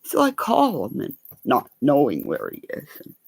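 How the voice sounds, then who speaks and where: A woman in a rambling, profane livestream rant that breaks into sudden shouting. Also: rumbling low, huge pitch swings, normal speed, gravelly, husky, no room sound. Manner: profane, erratic, bursts into shouting.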